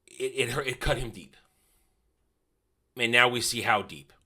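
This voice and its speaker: A man's voice: mid-range voice, a little slow, pushed and bright. A man giving a casual, rambling spoken review of a TV episode, often correcting himself and paraphrasing scenes.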